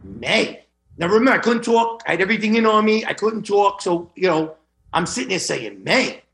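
A middle-aged man with a raised, gravelly voice tells his own story as an interview guest. He talks straight to the listeners in an earnest, plain way and doubles up words to press a point home. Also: sits high, very animated, a little fast, a bit bright. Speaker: guest recounting illness.

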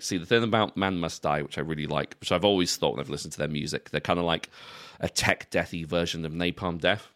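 A man's voice: deep voice, fast talker, few pauses, fairly bright tone. A young British man co-hosting a podcast, chatting casually with frequent swearing and laughing asides. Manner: swears freely, laughs often, rambling asides. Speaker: podcast co-host.

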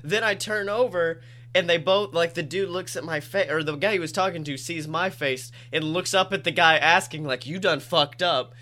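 Young male podcast host, high bright voice, animated storyteller who swears a lot. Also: normal speed. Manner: animated, swears freely, acts out the people in his story. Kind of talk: casual comedic storytelling.

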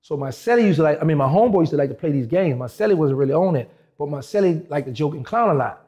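A man talking quickly, his voice pitched a bit high and dark in tone. He tells a long story in a casual interview and acts out each person's lines as he goes. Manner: animated, acts out quoted dialogue in shifting voices. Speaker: interview guest.

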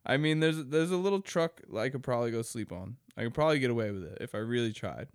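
A man's voice: mid-range voice, animated, fast talker, clean tone, no echo, clean studio sound. A young man hosting a podcast alone, rambling casually with crude jokes and frequent laughter. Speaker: podcast host. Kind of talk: casual solo podcast chat.

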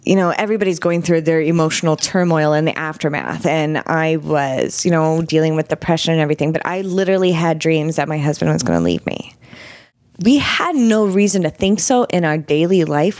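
A woman's voice: low-pitched, no room sound. A middle-aged woman, a guest in an interview, telling a personal story frankly and animatedly, acting out what people said. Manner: frank, animated, vivid retelling with quoted dialogue.

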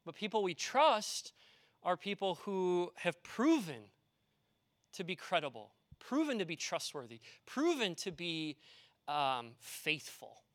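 A man's voice: sits high, very animated, slow pace, a bit bright, dry recording, clean studio sound. A man, a pastor, preaching a conversational sermon in an earnest way, with personal stories and rhetorical questions.

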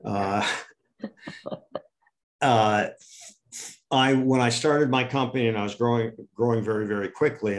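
Older man telling lively anecdotes. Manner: animated, acts out quoted people with raised pitch. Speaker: interview guest. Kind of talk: storytelling in an interview.

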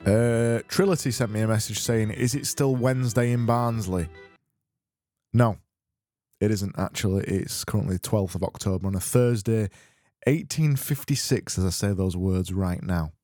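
Low-voiced man, rambling sweary podcast host, dry close mic. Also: normal speed, mellow, dry recording, faint music behind. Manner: rambling, self-mocking, sweary. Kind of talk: casual solo podcast chat.

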